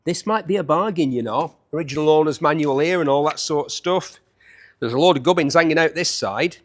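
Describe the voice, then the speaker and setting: A man's voice: on the high side, brisk. A man in his fifties hosting a chatty, jokey walkaround preview of bikes up for auction. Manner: chatty, enthusiastic, jokey asides.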